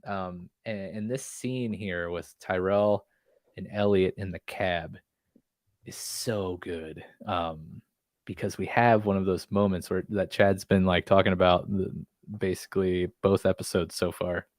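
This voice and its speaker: Podcast co-host, male, low pitch, dry close sound, animated recapper. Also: measured pace, no room sound. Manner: animated storyteller, acts out lines from scenes. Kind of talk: casual chat recapping a TV episode.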